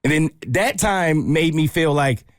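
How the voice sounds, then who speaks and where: A young man, a radio show co-host, telling a story in a relaxed, chatty way. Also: fairly high pitch, a little slow, no room sound, clean studio sound. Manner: relaxed, conversational, with frequent restarts. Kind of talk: casual storytelling on a morning show.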